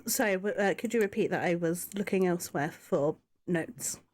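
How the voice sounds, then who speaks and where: A woman running a tabletop game as game master, halting as she speaks, with many fillers and restarts. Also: fairly low pitch, a little mellow.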